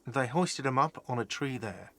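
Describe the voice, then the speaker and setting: A man's voice: medium pitch, normal speed, bright, forceful tone, natural voice. A man voicing a whiny, defensive cafeteria manager in a game dub. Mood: indignant. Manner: defensive, indignant.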